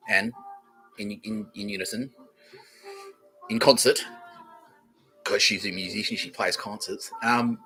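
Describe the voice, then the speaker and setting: A man's voice: lowish voice, sharp tone, rough recording. A man with an Australian accent hosting a solo comedy podcast, rambling in a profane, boastful way and laughing at his own jokes. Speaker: podcast host.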